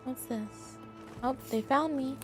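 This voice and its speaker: A woman's voice: high-pitched, slow, soft background music. A young woman streaming a game, chatting with her viewers in a giggly, talkative way. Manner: giggly, chatty, reads chat aloud. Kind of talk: casual live game stream chat.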